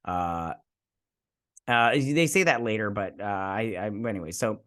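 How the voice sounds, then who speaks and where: A man's voice: on the low side, animated, measured pace, fairly bright tone. A man hosting a casual TV review, rambling through an episode recap with loose asides and fillers. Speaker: host of a TV review channel.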